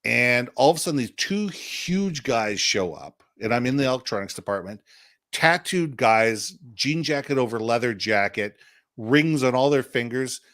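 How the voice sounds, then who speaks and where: A middle-aged man speaking as a guest on a conversational podcast. He is from Canada and tells his story with energy, building up each punchline. His voice is pitched in the normal middle range for a man. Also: moderate pace. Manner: lively anecdote teller, leans into the punchlines.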